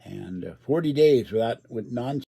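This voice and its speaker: A man's voice: mid-range voice, expressive, normal speed, gravelly, mellow, breathy edge. An older man, rambling and grumbling sarcastically on a casual home livestream. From Pittsburgh area. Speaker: livestream host. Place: indoors at home.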